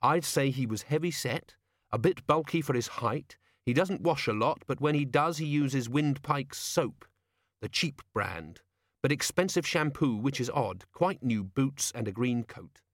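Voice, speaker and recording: A man voicing a young werewolf woman officer, brisk and matter-of-fact. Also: mid-range voice, animated, no room sound, clean studio sound, voice pushed up.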